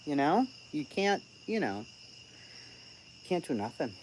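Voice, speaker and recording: A woman's voice: deep voice, big pitch swings, slow pace, a little mellow, a little hiss or hum, rough recording. A woman chatting casually on a live stream. She is blunt and profane, swears freely, and tells a sarcastic story about an argument.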